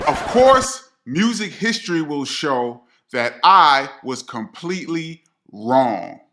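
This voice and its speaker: A middle-aged man, a DJ telling a personal story straight to his viewers in a slangy, animated way. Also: a little high, takes it slowly, soft background music. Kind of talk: storytelling to camera.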